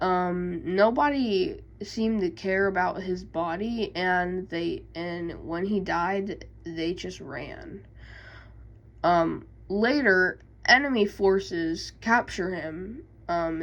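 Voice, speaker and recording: A woman's voice: on the low side, vocal fry, highs cut off. A woman casually recapping video game lore, hesitant, with many fillers and self-corrections. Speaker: YouTube creator.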